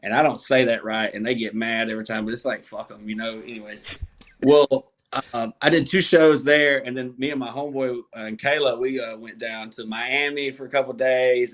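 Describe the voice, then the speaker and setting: A man's voice: mid-range voice, a bit bright. A young adult man, a stand-up comedian guest, telling rambling, profane stories in a casual chat. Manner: profane, rambling, self-mocking.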